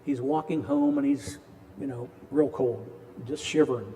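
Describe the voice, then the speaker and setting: A man's voice: medium pitch, moderate pace, warm tone, big-room sound. An older man in his sixties giving a casual, folksy talk on addiction at a parish, joking with the audience. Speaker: presenter of a parish addiction class. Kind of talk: casual lecture with storytelling. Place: parish hall.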